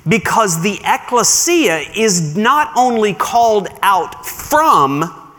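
Animated high-voiced male pastor preaching. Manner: animated, conversational preaching with slow emphatic stresses. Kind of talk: sermon. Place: church sanctuary. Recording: long hall reverb.

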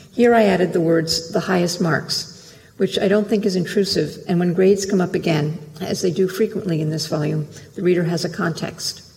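A literary translator reading a prepared lecture in a measured, careful way, heard in a lecture hall. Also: mid-range voice, creaky, darkish tone. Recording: long hall reverb.

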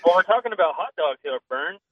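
A man with a Southern drawl talks in a blunt, joking podcast chat and swears now and then. His voice sits a bit high. The sound is thin and phone-like, dry and close. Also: lively intonation, fast, breathy edge, no room sound. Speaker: podcast co-host. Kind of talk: casual chat. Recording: tinny phone-like line.

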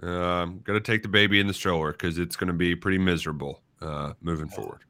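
Young man, radio co-host, lowish voice, bright and forceful tone, rambling casual talk, studio mic. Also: steady tone, quick pace. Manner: rambling, lots of "like" and "you know". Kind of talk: casual sports radio chat. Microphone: studio microphone.

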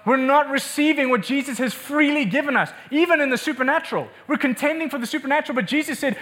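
A man's voice: very high voice, quick pace, hardly any pauses, fairly bright tone. A male pastor preaching an impassioned, emphatic sermon in a church meeting room, repeating words for force.

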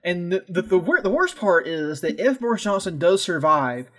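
Brash high-voiced guy ribbing friends. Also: big pitch swings, moderate pace, a bit bright. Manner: brash, teasing, swears freely. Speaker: podcast co-host. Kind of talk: casual profane banter.

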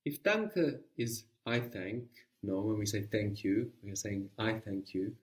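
A man teaching a guided language lesson, patiently prompting and repeating answers slowly. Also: fairly low pitch, animated, distant mic.

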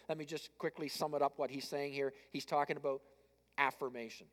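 High-voiced pastor in a reverberant church. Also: male voice, level tone, a little fast. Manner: conversational, self-deprecating, asks the congregation questions. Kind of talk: sermon.

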